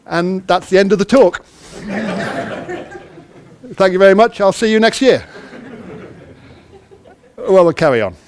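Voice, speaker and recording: A man's voice: high-pitched, expressive, a little slow, pauses often, a crowd in the background. Chatty English man talking to an audience. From United Kingdom. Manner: chatty, self-deprecating, quizzes the audience. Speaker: conference speaker. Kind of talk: interactive conference talk. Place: conference hall.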